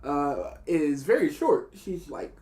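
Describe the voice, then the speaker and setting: A man co-hosting a live reaction stream, rambling and joking in casual chat, often trailing off quietly. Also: a little high, very animated, takes it slowly. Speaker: co-host.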